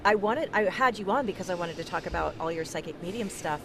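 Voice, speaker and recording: A woman's voice: on the low side, animated, fast, a bit bright, slight background noise. A woman hosting a podcast and interviewing a guest in a casual, hesitant way with lots of fillers. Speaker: podcast host.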